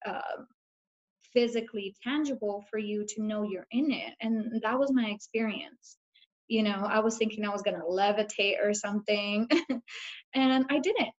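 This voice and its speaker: A woman's voice: a little high, a little mellow. A woman guest telling a personal story in an earnest, reflective way, full of casual fillers. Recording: dull lo-fi recording.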